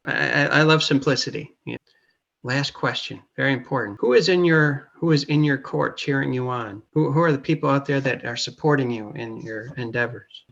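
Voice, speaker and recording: A man's voice: medium pitch, creaky, a bit bright, dull audio. A man hosting an interview, chatting casually and encouragingly, acting out little quotes as he goes. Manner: encouraging, speaks in quick bursts with acted-out quotes. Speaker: interview host.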